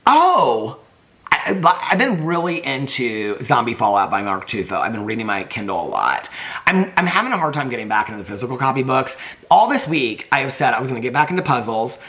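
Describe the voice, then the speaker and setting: A man chats casually at home in a daily vlog, rambling from one thought to the next. His voice is bright and forward, and his pitch swings a lot. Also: very animated, brisk. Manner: chatty, rambling, baby-talks to his dogs. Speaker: vlogger. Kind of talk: casual chat.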